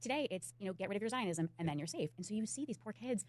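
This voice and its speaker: A woman guest speaking in a played interview clip, talking in brisk bursts and acting out other people's words. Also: medium pitch, lively intonation, a little mellow, dry recording. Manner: brisk, mimics others in quotes. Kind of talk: rapid interview talk.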